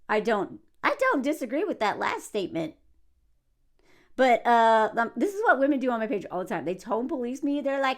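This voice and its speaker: A middle-aged woman ranting to camera in a loud, emphatic vlog, often breaking into yelling. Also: on the high side, very animated, moderate pace. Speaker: vlogger.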